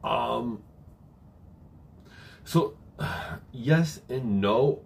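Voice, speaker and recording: Drawing out his words with vocal fry, a young man hosts a home live-stream Q&A where he coaches viewers, reading their chat questions out loud. His medium-pitched voice has lively intonation, and his casual answers are packed with fillers. He sounds briefly out of breath.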